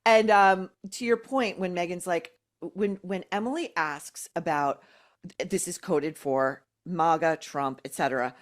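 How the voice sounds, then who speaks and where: A woman's voice: fairly low pitch, a little slow. A woman guest commentator in a casual chat, speaking emphatically with scathing sarcasm.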